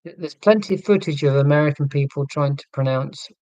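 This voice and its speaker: A man's voice: fairly high pitch, fairly quick, darkish tone, dry recording, lo-fi sound. Chatty man with a Midlands accent. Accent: English Midlands. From English Midlands. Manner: chatty, rambling, wry. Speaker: channel host. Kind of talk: casual chat.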